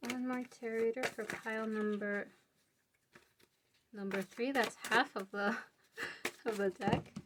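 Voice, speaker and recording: A woman's voice: on the high side, steady tone, unhurried, long pauses, noisy background. A young woman giving a casual tarot reading to her viewers, chatty and informal with many fillers. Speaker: tarot reader.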